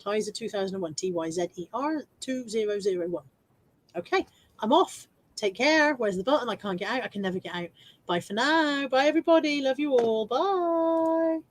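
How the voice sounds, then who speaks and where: A woman's voice: a little high, lively intonation, normal speed, rough recording. A woman chatting casually on her regular live stream, laughing often and joking at her own expense.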